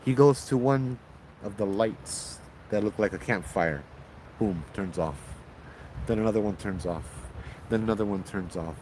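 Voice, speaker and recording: A man's voice: fairly low pitch, normal speed, a little mellow, rough recording. A man, telling a ghost story casually. He talks loosely and animatedly, restarting his sentences, over faint background noise.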